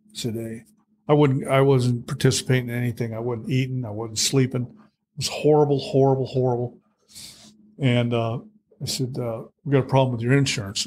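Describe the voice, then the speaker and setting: A man in his sixties, an interview guest, candidly telling his story in a blunt, salty way and acting out the quotes. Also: mid-range voice. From United States. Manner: blunt, salty, animated retelling with acted quotes.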